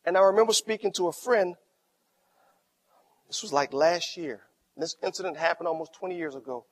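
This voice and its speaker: A middle-aged man preaching a sermon as pastor, swinging from quiet storytelling to loud, emphatic lines. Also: a little high, brisk.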